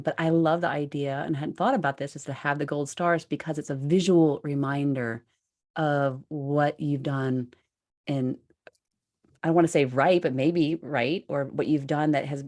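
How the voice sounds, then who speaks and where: A woman hosting a casual podcast conversation, animated and self-deprecating, laughing easily. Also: low voice, normal speed. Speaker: podcast host.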